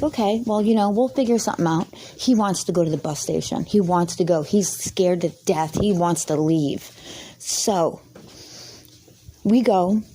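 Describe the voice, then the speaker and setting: A woman's voice: fairly low pitch, dark tone. A woman vlogger telling an angry, rambling story to camera, swearing heavily and sounding indignant.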